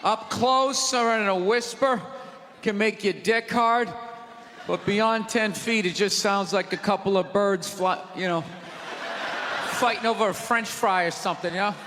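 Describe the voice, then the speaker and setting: A man doing a stand-up comedy set on a theater stage, ranting in a loud, exasperated way. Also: high voice, measured pace, slight background noise. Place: large theater stage with live audience. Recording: live theater recording with long reverb and crowd.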